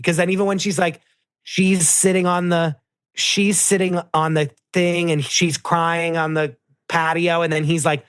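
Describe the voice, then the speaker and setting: A man's voice: fairly high pitch, normal speed, clean tone, no room sound, studio quality. A man, a reality TV producer, chatting casually on a podcast and acting out other people's lines in shifting voices. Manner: animated storyteller, acts out quotes in shifting voices. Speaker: reality TV producer, guest co-host.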